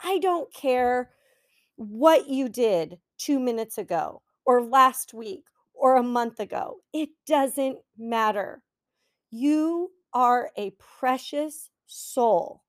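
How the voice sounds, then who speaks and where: Middle-aged woman, coach-host. Earnest, encouraging, unhurried delivery in a dry room. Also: fairly high pitch, no room sound. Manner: earnest, encouraging, slow and heartfelt. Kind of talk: reflective solo podcast talk.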